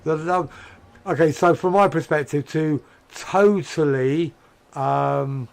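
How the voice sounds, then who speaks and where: A man's voice: on the high side, slow, gravelly. An English man streaming a game, chatting with a friend and telling stories about his old job. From England. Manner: chatty, storytelling. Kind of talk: casual gaming chat.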